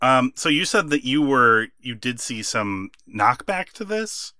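American man, mid pitch, bright edge, dry close mic; thoughtful co-host who feels his way to a point. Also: very animated, measured pace, no echo. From United States. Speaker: podcast co-host. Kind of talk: casual discussion.

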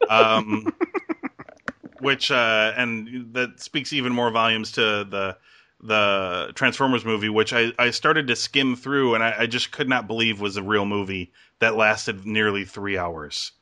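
A man with a bright, forceful voice chats loosely on a podcast. He rambles, restarts his sentences and laughs often. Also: fairly low pitch, steady tone, a little slow. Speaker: podcast host. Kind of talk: casual chat.

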